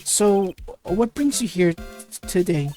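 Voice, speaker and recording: Woman reading a young male lawyer, earnest, slow, stumbling a bit, faint music behind. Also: lowish voice, expressive, mellow. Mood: dry. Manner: plain halting reading with occasional stutters.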